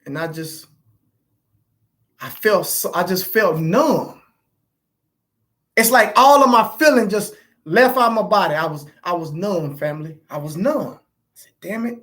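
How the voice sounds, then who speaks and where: A woman telling a live-stream audience how she grieved for her son. She speaks haltingly, repeats herself and addresses listeners as family. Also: fairly low pitch, lively intonation, fairly bright tone. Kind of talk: emotional live-stream testimony.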